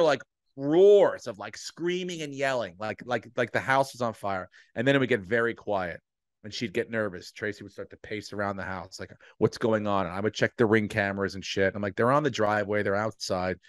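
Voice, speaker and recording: A man's voice: mid-range voice, no echo. Man telling a story, dry close sound. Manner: animated, swears freely, acts out voices in anecdotes. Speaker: podcast co-host. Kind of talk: casual storytelling chat.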